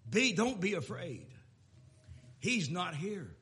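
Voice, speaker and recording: A man preaching a sermon in a folksy, emphatic way, swinging between loud declarations and quiet asides. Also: sits high, big pitch swings, slow pace. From Texas.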